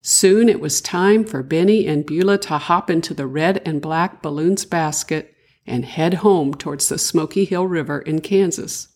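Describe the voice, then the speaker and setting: A grandmother narrates a children's story in a gentle, sing-song manner. Her voice is low and breathy, and she keeps a moderate pace.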